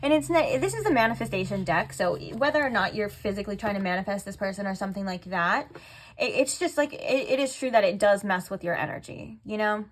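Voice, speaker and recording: A woman giving a casual tarot card reading to her viewers, chatty and full of "like", slowing down and softening her voice when she turns to the cards. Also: medium pitch, lively intonation. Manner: chatty, says "like" often. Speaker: tarot reader.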